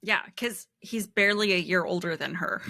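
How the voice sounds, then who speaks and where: Woman, book podcast co-host, measured explanations, bright tone, dry sound. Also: on the low side, dry recording. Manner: measured, explanatory, reads quotes aloud. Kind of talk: casual book discussion.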